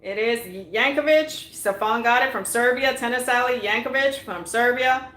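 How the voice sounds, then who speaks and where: A woman's voice: on the high side, normal speed, fairly bright tone, echoey room, rough recording. A woman co-hosting a live stream, keeping score and reading out names, laughing easily.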